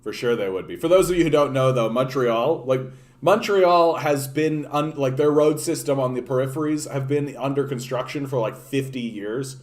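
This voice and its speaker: A man's voice: mid-range voice, normal speed. A man from Canada hosting a political livestream, ranting casually with profanity and many restarts. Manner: profane, animated, repeats and restarts words.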